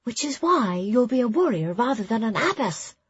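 A woman's voice: fairly high pitch, big pitch swings, normal speed, breathy edge, no room sound, muffled recording, voice pushed up, exaggerated voice. A woman voicing a knowing young girl novice who talks in a dry, hissing way.

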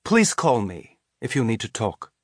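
A man voicing a calm, gentle female chaplain in an audiobook, patient and teacherly. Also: mid-range voice, a little slow, dry recording, clean studio sound.

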